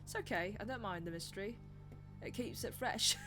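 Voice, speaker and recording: A woman's voice: medium pitch, normal speed, over music. A young woman streaming live, chatting casually in a rambling, self-deprecating way.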